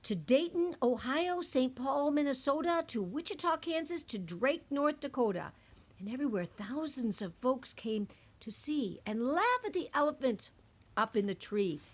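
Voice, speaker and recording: A woman reads a rhyming picture book aloud with an expressive, singsong delivery. Her voice sits a little high and ranges widely. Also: normal speed. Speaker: storybook reader.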